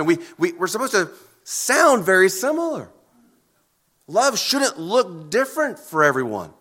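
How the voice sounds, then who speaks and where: A pastor with a high-pitched, sharp voice preaches an earnest, emphatic sermon, leaving deliberate pauses between phrases.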